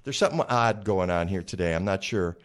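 Male radio host, low-pitched, casual and rambling, studio. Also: animated, a little fast. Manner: chatty, rambling with many fillers.

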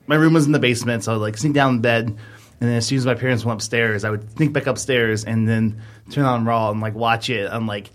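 A man's voice: mid-range voice, steady tone, brisk. A man in his thirties, a podcast co-host, telling a long rambling story in casual chat, full of fillers.

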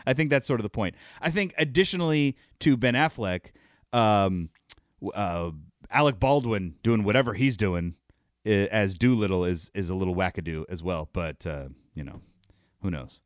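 A man's voice: lowish voice, lively intonation, moderate pace, dry recording, studio quality. A man co-hosting a podcast in casual chat, laid-back and often chuckling. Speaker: podcast co-host.

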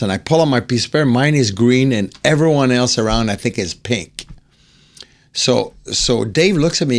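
A man who grew up speaking French, telling a long animated anecdote as an interview guest and acting out the quotes. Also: mid-range voice. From French-speaking upbringing. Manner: animated, acts out quotes, swears. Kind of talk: anecdote storytelling.

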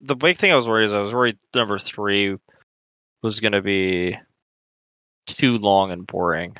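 A man's voice: lowish voice, normal speed, bright, forceful tone, dry recording, highs cut off. A man talking casually about the tabletop campaign he wrote, often hesitating and restarting his sentences. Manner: hesitant, many restarts and fillers. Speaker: campaign author and game master. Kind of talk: casual discussion.

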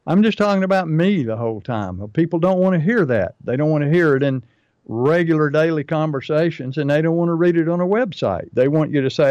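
A man's voice: a little high, brisk, darkish tone, no room sound, highs cut off. A man co-hosting a talk, giving business advice in an emphatic, repetitive way that drives each point home.

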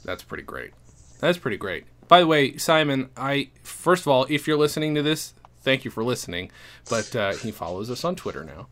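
A man's voice: mid-range voice, brisk, fairly bright tone. A man co-hosting a comedy podcast, bantering casually, joking and laughing often with rambling asides. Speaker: podcast co-host.

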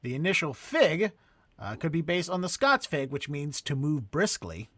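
High-voiced Boston host, stumbling. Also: male voice, sing-song, moderate pace, fairly bright tone, no echo. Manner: rambling, stumbles over words. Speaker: podcast host. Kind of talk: hosting a casual comedy podcast.

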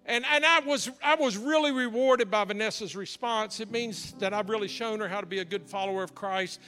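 A man preaching a sermon, an animated storyteller who acts out the dialogue. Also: high-pitched, fairly quick. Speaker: pastor. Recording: reverberant hall with faint music.

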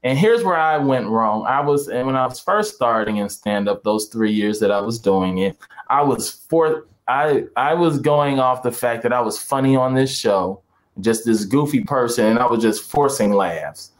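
Comic guy telling stories on a podcast, does little voices, normal pitch. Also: moderate pace. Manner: animated storyteller acting out voices. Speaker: stand-up comedian. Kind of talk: casual podcast chat.

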